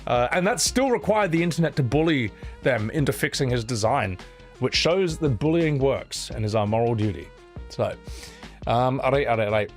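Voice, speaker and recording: A man's voice: medium pitch, expressive, normal speed, faint music behind. A man chatting casually on a live stream, blunt and opinionated, swearing freely and rambling through his points with restarts.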